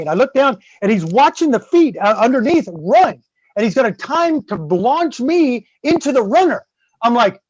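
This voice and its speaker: A man's voice: high voice, a little fast, no room sound. A middle-aged man telling a rowdy story on a podcast, cursing freely and acting out quotes and crash sounds. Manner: animated and profane, acts out quotes and sound effects. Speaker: guest host. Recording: dull, dry, lo-fi sound.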